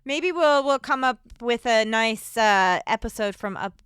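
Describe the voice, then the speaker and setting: A middle-aged woman co-hosting a podcast, gushing with enthusiasm and talking openly about her feelings. Her voice is smooth and resonant, recorded close and dry with no room sound. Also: on the high side, lively intonation, unhurried, fairly bright tone, dry recording. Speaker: podcast co-host. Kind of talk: casual chat.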